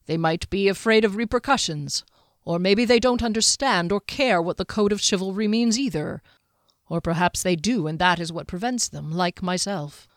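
A woman reading an audiobook and voicing an earnest, chivalrous young knight, gentle and hesitant, slow and careful. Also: mid-range voice, no room sound, clean studio sound, lightly acted. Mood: rueful.

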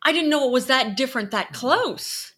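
Host: woman, slightly higher voice, talkative, dryly sarcastic. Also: animated, normal speed, fairly bright tone. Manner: chatty, ironic asides, asks questions. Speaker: podcast host. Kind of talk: casual chat.

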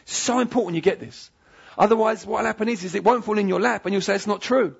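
Emphatic preacher with gravelly voice. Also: male voice, high voice, fast. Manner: emphatic, pleading, repeats phrases. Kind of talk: sermon. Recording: dull lo-fi sound.

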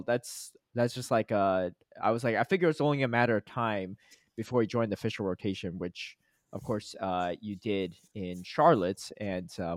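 Young man, podcast co-host, friendly and reflective, middle pitch, dry close mic. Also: a bit bright, no echo. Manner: friendly, reflective, gives encouraging feedback. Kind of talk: casual podcast chat. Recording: dry close-miked sound.

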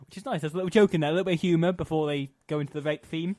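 A man's voice: on the high side, steady tone, very fast, few pauses, a little mellow. A man co-hosting a comedy podcast, narrating a fan story with mock drama. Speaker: podcast co-host.

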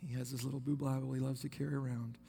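A man's voice: mid-range voice, little pitch movement, racing, creaky, mellow, a little hiss or hum. A man, preaching a sermon and telling a personal story between scripture quotes. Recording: long reverb of a hall.

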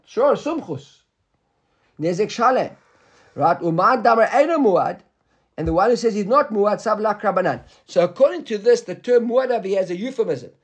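A man's voice: high-pitched, lively intonation, moderate pace, husky, lo-fi sound. A man teaching a Talmud class, explaining step by step and often checking with "right?", mixing English with Hebrew and Aramaic terms.

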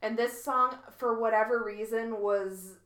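A woman's voice: on the high side, fairly even intonation, measured pace, fairly bright tone. A woman co-hosting a podcast, making wry, dry remarks in casual chat and laughing often. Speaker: podcast co-host. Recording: echoey room.

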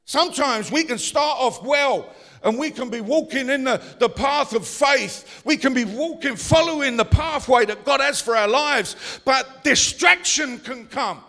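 Preacher, man, high and bright voice, shouting sermon, long hall reverb. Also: unhurried. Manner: preaching, rising to shouts, asks the congregation questions. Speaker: pastor.

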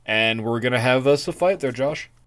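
A man's voice: mid-range voice, normal speed, a bit bright, dry recording, close to an everyday voice. A man voicing a crude, swaggering male warlord king in casual modern slang.

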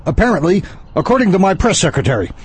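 An actor playing a clueless, showboating male president with a husky voice, in a satirical sketch. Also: sits high, fast, heavily acted. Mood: smug. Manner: pompous, bumbling deadpan.

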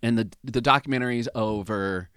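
A man in his fifties telling a personal story as a podcast guest, animated and emotional, acting out what people said. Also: mid-range voice, normal speed, smooth, no room sound, clean studio sound. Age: 50s. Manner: animated, emotional storyteller who acts out quoted dialogue.

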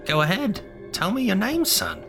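Witch, female, storybook villain, high and shrill, taunting, put on by a male narrator. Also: wildly swooping pitch, moderate pace, creaky, music in the background, exaggerated voice. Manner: shrill, teasing menace. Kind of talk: horror audio drama narration.

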